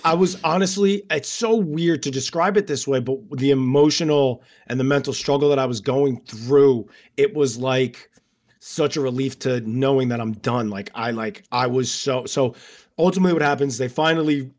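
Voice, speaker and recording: A man's voice: medium pitch, moderate pace, darkish tone. A man co-hosting a casual podcast chat, talking in long, rambling, heartfelt stretches full of fillers. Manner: rambling and emotional, many fillers. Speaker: podcast co-host and former contestant.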